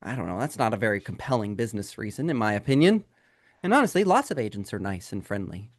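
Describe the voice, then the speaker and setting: A real estate sales trainer runs a live sales webinar, speaking straight to his audience, calling them "guys," and firing rhetorical questions at them. His voice sits on the low side with big pitch swings and a quick pace. There's no echo.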